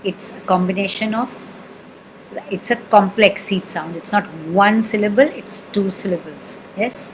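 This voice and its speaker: This sound healing teacher speaks with an Indian accent at a medium pitch and an unhurried pace. She patiently repeats syllables during chanting demonstrations and checks that her listener keeps up. Slight background noise marks the low-quality recording.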